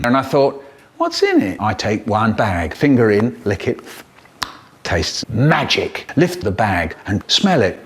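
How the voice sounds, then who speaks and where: A man telling comic stories in a theatrical, expressive way, spliced into a choppy cut-up edit with sudden vocal jumps. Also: mid-range voice, breathy edge. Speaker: storyteller in a spliced comedy edit.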